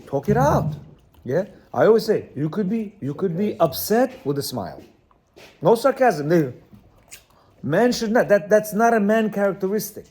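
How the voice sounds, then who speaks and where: A man teaches a room of men in a loose, spoken lecture. His voice sits a bit high and he leans hard on his points, circling back and checking they understand. He acts out little quoted lines along the way. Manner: repetitive, keeps asking "you understand?"; emphatic, lively, acts out quotes. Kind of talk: informal lecture to a class.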